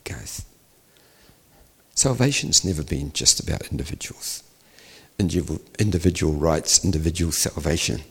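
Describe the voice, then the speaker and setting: Gravelly male preacher in a reverberant hall. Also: extremely low pitch, animated, moderate pace. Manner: storytelling, acts out dialogue, rising to emphatic peaks. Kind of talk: sermon.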